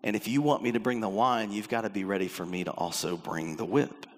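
A man's voice: lowish voice, steady tone, a little fast. A man preaching a sermon as pastor, acting out the voices in the passages he quotes. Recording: long hall reverb.

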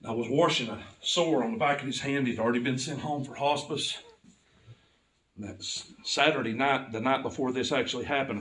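A man's voice: medium pitch, a bit bright, distant mic. A man, preaching a personal testimony with impassioned storytelling that builds to fervent cries. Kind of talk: sermon testimony.

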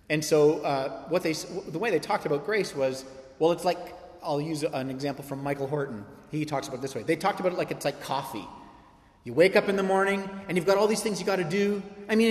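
A man preaching a sermon as pastor, conversational and emphatic, with rhetorical questions to the congregation. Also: on the high side. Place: church sanctuary. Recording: echoey hall reverb.

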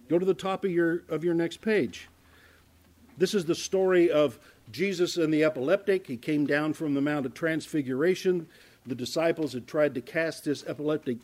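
Slightly high-voiced male pastor teaching. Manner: conversational, frequent restarts, dramatic swings between loud and hushed. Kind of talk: sermon-style Bible teaching.

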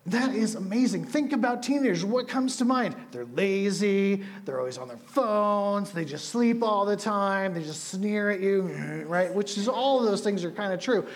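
A man's voice: sits high, moderate pace, hardly any pauses. A man preaching as a youth pastor, telling stories in a casual, chatty way. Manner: casual, storytelling, animated asides. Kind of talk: sermon.

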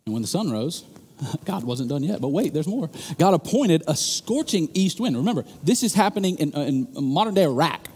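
This preacher's voice is husky and on the high side, at a normal speed, with a long reverb tail. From the stage, he tells the story animatedly and with jokes, building up to emphatic bursts.

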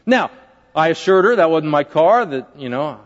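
A man's voice: fairly high pitch, animated, normal speed. A man, a pastor, preaching a conversational sermon in a large church sanctuary, often asking the congregation questions. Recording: dull lo-fi recording with long hall reverb.

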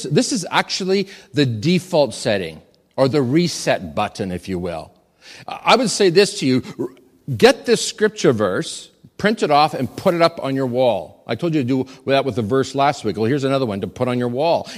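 A man preaches to his congregation, his voice rising and dropping in wide, lively swings as he presses his point. He coaxes the crowd to repeat his lines and trades light jokes with them. His words ring out with the long reverb of a large church hall. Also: mid-range voice, moderate pace. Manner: animated preaching, calls for audience repetition, jokes with congregation. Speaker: pastor. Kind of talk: sermon. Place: church sanctuary.

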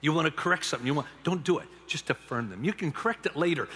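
An older man preaches to a packed arena, his voice swinging between hushed tenderness and loud, animated emphasis. His tone is bright and a little husky, and it rings out with a long hall echo. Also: fairly high pitch, fast talker, hardly any pauses. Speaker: speaker to a men's gathering. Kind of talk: sermon-style storytelling talk. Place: large arena or stadium.

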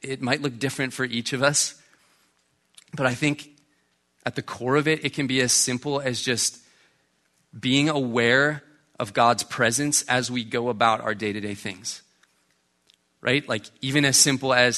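A man's voice: medium pitch, steady tone, normal speed, pushed and bright. A man, a pastor, preaching a sermon in a conversational way and often checking in with "right?". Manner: conversational, keeps asking "right?".

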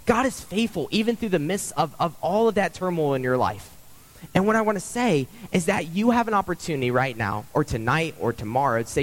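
A man's voice: on the high side, lively intonation, fairly quick. A young man preaching a sermon as pastor, earnest and conversational, repeating phrases for emphasis.

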